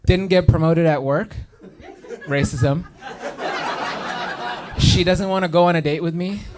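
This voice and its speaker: 30s guy from india doing standup, deadpan, slightly high voice, live room w/ noise. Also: unhurried. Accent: neutral American-sounding. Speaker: stand-up comedian. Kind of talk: stand-up set. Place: comedy theater stage. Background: audience laughter.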